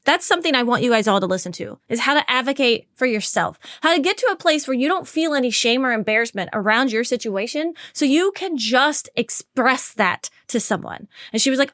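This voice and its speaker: Woman, 40s, podcast host, candid personal monologue, slightly high voice, dry close sound. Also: expressive, brisk, fairly bright tone, no room sound. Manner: candid, earnest and conversational.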